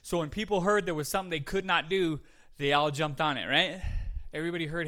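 A man preaches in a loose, conversational way, tossing in jokes and catching his own slips. His voice is bright and forward, pitched a little high for a man. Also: steady tone, fast. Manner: chatty, jokey, self-correcting, laughs at himself. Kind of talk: casual podcast sermon.

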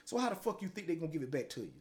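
A middle-aged man holds forth in an unscripted motivational monologue as a talk show host. His voice sits high for a man, and he talks in a blunt, profane, preachy way, dropping "man" after nearly every phrase. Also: very animated, very fast.

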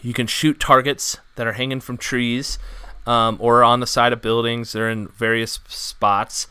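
A man hosting a gaming podcast runs through the news in a loose, rambling way, full of "um"s. His voice is bright and smooth. The sound is close and dry. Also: mid-range voice, level tone, measured pace, dry recording. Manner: rambling, filler-heavy, upbeat. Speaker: podcast host. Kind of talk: casual gaming news chat.

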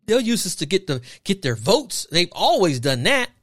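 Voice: mid-range voice, big pitch swings, moderate pace, fairly bright tone. A podcast host delivering an emphatic, preachy opinion monologue full of rhetorical questions and repeated phrases.

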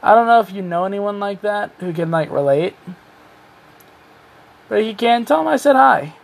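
A man's voice: sits high, expressive, moderate pace, creaky. A tired man hosting his own podcast, rambling through a casual solo rant with offhand swearing and self-deprecating asides. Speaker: podcast host.

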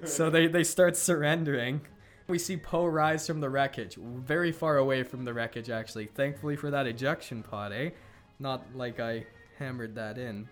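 A man casually retelling a film story as a podcast co-host, laughing often and tossing in quick character quotes. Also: medium pitch, faint music behind. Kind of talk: casual animated storytelling chat.

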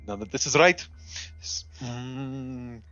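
Bright laid-back man, dull lo-fi mic. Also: mid-range voice, slow, clear, resonant tone, no room sound, faint music behind. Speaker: player. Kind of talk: casual chat at a tabletop game.

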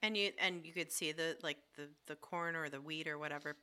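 A woman's voice: deep voice, steady tone, brisk, sharp tone, clear, resonant tone. A young woman co-hosting a podcast, telling a story in a rambling, filler-heavy way. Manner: rambling, many fillers and restarts. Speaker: podcast co-host. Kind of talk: casual chat.

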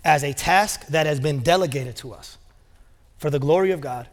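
High-voiced man preaching in a reverberant hall. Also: normal speed. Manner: casual storytelling with many fillers. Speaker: pastor. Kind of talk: sermon. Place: large church auditorium. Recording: long reverb of a large church hall.

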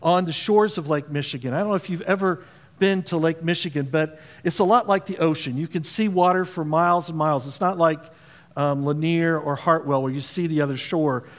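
A man's voice: on the high side, a little fast, big-room sound. A man preaching a sermon as pastor, talking conversationally and asking the congregation questions. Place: church auditorium.

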